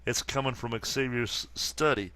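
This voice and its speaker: A man reading aloud the lines of a weary young superheroine in a flat, plain delivery, with few pauses. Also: medium pitch. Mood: tired.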